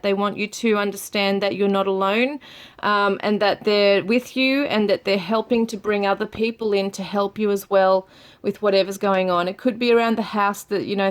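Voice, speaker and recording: A woman giving a gentle tarot reading to her viewers, soft and soothing, with frequent fillers. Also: mid-range voice. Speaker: tarot reader.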